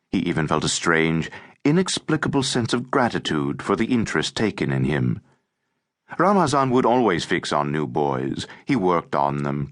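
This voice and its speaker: A man reading an audiobook in a measured, expressive scripted narration. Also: sits low, no room sound, clean studio sound.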